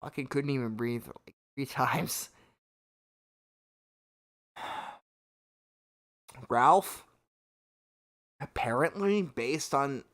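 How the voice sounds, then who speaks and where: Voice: mid-range voice, a bit bright. Tipsy swearing streamer, hiccuping. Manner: swearing, exasperated ranting. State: hiccuping between words; tipsy from shots. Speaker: livestreamer. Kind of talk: drunken livestream rant.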